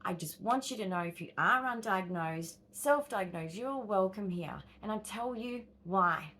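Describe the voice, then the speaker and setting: A woman's voice: mid-range voice, unhurried, fairly bright tone. An Australian woman in her fifties vlogging, talking straight to her viewers and acting out inner voices with exclamations and sighs. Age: 50s. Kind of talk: direct-to-camera vlog monologue.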